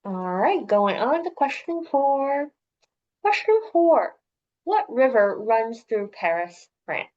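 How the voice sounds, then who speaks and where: Lively, slow-reading woman with muffled audio. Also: on the high side. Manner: reads every question and its options twice, lightly joking. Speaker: trivia quiz host. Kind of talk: reading multiple-choice questions.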